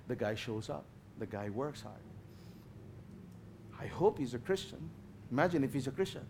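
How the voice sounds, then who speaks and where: A man with a Filipino accent preaching a sermon as a guest pastor, passionate, swinging between loud emphasis and quiet asides, slipping in Tagalog phrases. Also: mid-range voice, a little hiss or hum.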